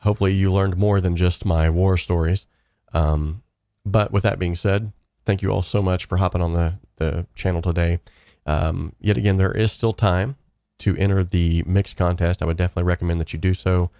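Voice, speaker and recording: A deep, mellow-voiced young man rambles through a casual live stream from his home studio, with lots of fillers and restarts. The sound is dry and close, with no room around it. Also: steady tone, normal speed, creaky, no echo. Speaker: host.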